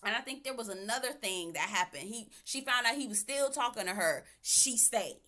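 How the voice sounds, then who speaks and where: A woman's voice: on the high side, lively intonation, moderate pace, bright, forceful tone. A woman giving sassy, emphatic commentary on a reality show, talking straight at the people in it. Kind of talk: opinionated casual commentary.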